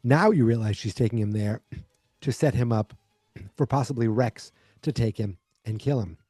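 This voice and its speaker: A man's voice: mid-range voice, normal speed, warm tone, husky, dry recording, studio quality. A man hosting a podcast, casually recapping an episode in a rambling way full of fillers. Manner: rambling, filler-heavy retelling. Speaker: podcast host.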